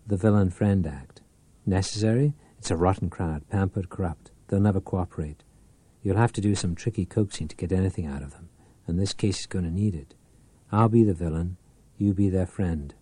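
Guy doing a growly blunt police inspector, low voice, sneery, storybook read. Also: moderate pace, dark tone, slightly rough, no echo. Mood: gruff.

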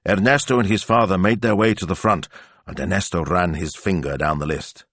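A man reading a novel aloud as an audiobook narrator, telling it in measured storytelling. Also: low-pitched, fairly bright tone, dry recording. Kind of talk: scripted narration.

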